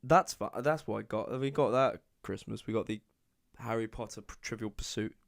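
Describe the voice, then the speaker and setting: A man's voice: on the low side, fairly quick, vocal fry. A young man from England hosting his own podcast alone, chatting casually and rambling from topic to topic. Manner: rambling, chatty, self-deprecating. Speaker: podcast host. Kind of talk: casual solo podcast chat.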